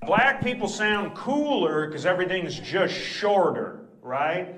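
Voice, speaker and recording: Blunt stand-up comedian, roomy club. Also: male voice, fairly high pitch, sing-song, slow, pauses often, recorded from a distance. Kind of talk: stand-up comedy with crowd work. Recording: roomy club sound, faint noise.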